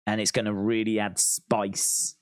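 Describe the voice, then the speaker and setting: A man's voice: lowish voice, flat delivery, measured pace, clean tone, no echo, clean studio sound. A man hosting a live wrestling watch-along, chatting casually and reading out viewer comments. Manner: chatty, reads out viewer comments, laughs often.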